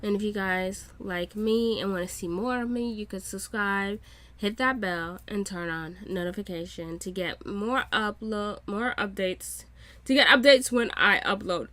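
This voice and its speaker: Excitable, foul-mouthed woman reacting. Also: mid-range voice, a little slow. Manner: excitable, swears freely. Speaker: reaction YouTuber. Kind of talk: casual reaction commentary.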